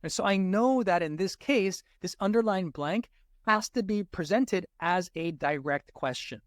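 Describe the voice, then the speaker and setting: A man's voice: sits high, expressive, unhurried, no room sound, clean studio sound. A man tutoring through a test-prep lesson, checking in with "right?" after most points and restarting words as he explains. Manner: says "right?" often, restarts mid-word. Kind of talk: walkthrough lesson.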